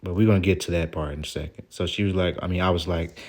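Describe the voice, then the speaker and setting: A man's voice: low-pitched, steady tone, fast talker, few pauses. A man talking straight to the camera in a vlog, venting in a rambling, aggrieved way and swearing casually as he reads out old text messages. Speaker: vlogger. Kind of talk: venting vlog monologue reading out texts.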